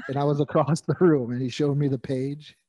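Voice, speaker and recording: A middle-aged man with a mellow, darker tone chats loosely, looping back and correcting himself as he talks. His delivery is jokey and rambling, and the sound is dry and close with no room around it. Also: fairly high pitch, fairly even intonation, moderate pace, no room sound. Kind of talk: casual chat.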